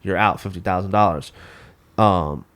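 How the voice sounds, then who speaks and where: A man's voice: deep voice, normal speed, fairly bright tone. A man ranting in casual podcast talk, stumbling over his words and restarting often. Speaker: podcast guest. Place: home studio.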